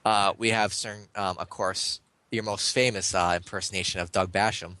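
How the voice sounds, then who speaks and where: Young male interviewer, low bright voice, rambly fan energy, dry call audio. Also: steady tone, normal speed, no echo. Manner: rambling, filler-heavy, eager fan. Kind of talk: casual online interview. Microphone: online voice call.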